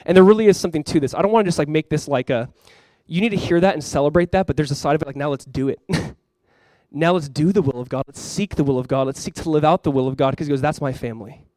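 A man's voice: fairly high pitch, quick pace, a little mellow, dry recording, studio quality. A young man preaching a sermon to his church as pastor, earnest and conversational, with many fillers.

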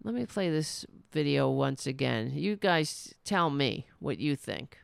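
A middle-aged woman hosts a political talk show, sounding indignant and sarcastic. She speaks slowly, and her somewhat low voice swings widely in pitch. The sound is dry and close. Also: expressive, gravelly, clean tone, no room sound. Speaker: host. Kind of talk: political commentary.

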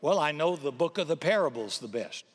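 A man doing an earnest, simple would-be preacher who rambles happily through scrambled Bible tales. The voice sits a little high and rings out with a long church-hall reverb. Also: lively intonation, brisk, slightly rough. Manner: earnest, rambling storyteller mixing up scripture. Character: simple, eager uneducated old-time preacher candidate.

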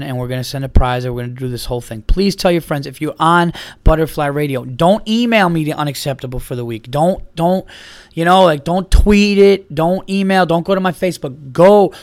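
A man's voice: fairly high pitch, dry recording. A man hosting a podcast, rambling casually through stories, swearing freely and acting out his friends' lines. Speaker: podcast host. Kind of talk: casual solo podcast chat.

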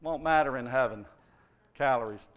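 A middle-aged man preaching a sermon as pastor, telling stories with humour and lively emphasis. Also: medium pitch, normal speed. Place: church.

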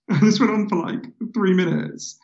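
A man with a London accent chats animatedly as a podcast guest, laughing between stories. His voice sits a bit high, and the remote line sounds dull and lo-fi. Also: moderate pace, gravelly. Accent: London English. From England. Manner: animated, chatty storyteller, laughs often. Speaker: guest author. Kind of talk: casual interview chat.

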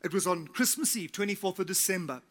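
A middle-aged man preaching a sermon as pastor, telling a story with lively acted-out quotes and repeated key phrases. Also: high voice, fast talker.

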